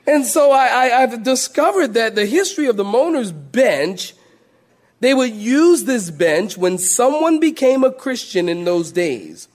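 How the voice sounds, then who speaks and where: A high-voiced middle-aged man preaching a sermon. He tells folksy stories, stumbles over restarts and repeated words, and breaks into acted-out moaning. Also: sing-song, a little slow. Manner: folksy storytelling preacher, acts out moaning church ladies. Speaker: pastor.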